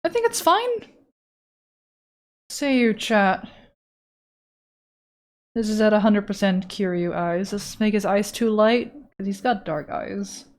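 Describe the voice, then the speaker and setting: A woman's voice: medium pitch, animated, takes it slowly, pauses often. A woman from the Netherlands chatting casually with her live-stream audience while she draws, playful and joking, swearing freely.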